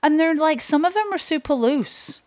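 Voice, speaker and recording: A woman's voice: high-pitched, lively intonation, a little mellow. Woman, podcast co-host, chatty, laughs a lot, swears casually. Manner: laughing, swearing, quick storytelling. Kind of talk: casual chat.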